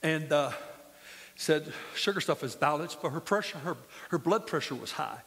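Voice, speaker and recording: A man's voice: a little high, expressive, moderate pace, fairly bright tone, in a large hall. A man preaching a sermon as pastor, impassioned and full of storytelling, in a church sanctuary.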